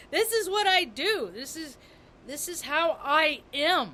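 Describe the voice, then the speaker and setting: A woman's voice: high voice, expressive, slow pace, pushed and bright. A woman vlogger talking in a rambling spiritual monologue, repeating and restarting her words with emphasis.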